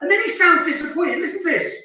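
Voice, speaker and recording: A man's voice: very high voice, expressive, fast, heavy reverb, distant mic, a crowd in the background, poor audio. A man from Luton delivering heated, scornful commentary over a street video, hammering his points through repetition. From Luton, England. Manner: heated, scornful, repeats phrases for emphasis. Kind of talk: indignant ranting commentary.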